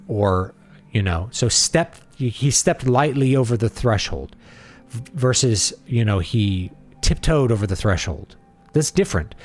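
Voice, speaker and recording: Opinionated man with a lively voice. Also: medium pitch. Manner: opinionated, blunt, playful. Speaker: livestream host and writer. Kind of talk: casual livestream talk.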